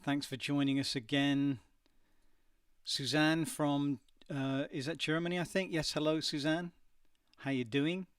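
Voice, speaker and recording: A man's voice: fairly high pitch, fairly even intonation, unhurried, smooth, no echo, far from the mic. A middle-aged man from England hosting a casual livestream from his home studio, greeting viewers and reading their messages with lots of ums. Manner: chatty, hesitant, many ums. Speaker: singer hosting a live stream.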